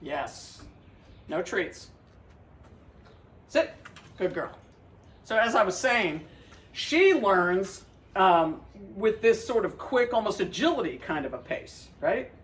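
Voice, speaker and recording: A man's voice: high-pitched, very animated, slow, fairly bright tone, low-quality recording. A man working as a dog trainer, patiently explaining a hands-on training demonstration and cheerfully praising the dog between steps.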